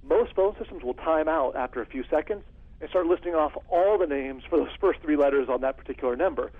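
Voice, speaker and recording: A man working as a security consultant, telling stories in an interview in an animated way and acting out phone calls. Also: on the high side, a little fast. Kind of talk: storytelling interview answer. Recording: phone-like lo-fi audio.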